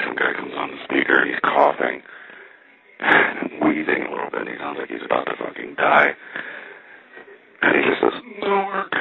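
A man's voice: extremely low pitch, creaky. A man talking casually in a rambling, dry way while out walking in a windy, cold city. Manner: rambling, dry, with frequent restarts. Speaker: vlogger. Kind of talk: casual walking vlog monologue. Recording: tinny phone-like recording.

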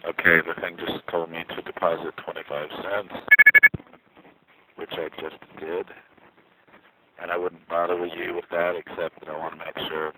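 Man, very low voice, halting street sound check over a noisy payphone line. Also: level tone, bright, forceful tone. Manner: rambling, self-mocking, halting. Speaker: field recordist. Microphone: payphone handset. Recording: static-laden payphone line with street noise. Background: traffic, car alarm, subway.

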